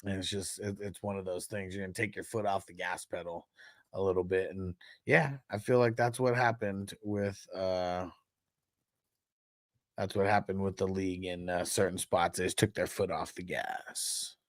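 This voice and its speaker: A man's voice: low voice, fairly even intonation, normal speed, no room sound, clean studio sound. A man hosting a fantasy football live stream in loose, casual chat, laughing often and swearing freely as he talks.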